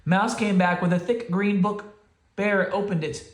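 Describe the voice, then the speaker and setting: A man's voice: high-pitched, normal speed. A father reading a children's picture book aloud, chatty, with asides to his kids. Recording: roomy home room echo.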